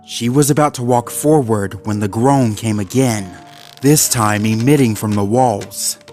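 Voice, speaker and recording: A man reading a horror fan story aloud in a measured, ominous way. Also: lowish voice, mellow. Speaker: narrator. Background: faint background music.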